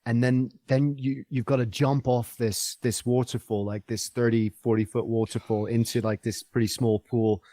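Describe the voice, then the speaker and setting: A man's voice: mid-range voice, little pitch movement, normal speed, hardly any pauses, mellow, no room sound. Chatty man telling an adventure story. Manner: enthusiastic, rambling with many fillers and restarts. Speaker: guest travel writer. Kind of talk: casual storytelling in a podcast interview.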